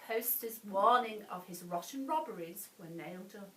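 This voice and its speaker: Animated woman reading a bedtime story. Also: medium pitch, moderate pace, far from the mic. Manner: animated, with gasps and asides. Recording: echoey room, voice off-mic.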